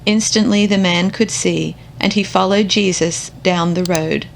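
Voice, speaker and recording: A woman reading scripture aloud in a slow, contemplative, measured way. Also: on the low side, steady tone, vocal fry, slight background noise. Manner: measured, unhurried. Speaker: scripture reader.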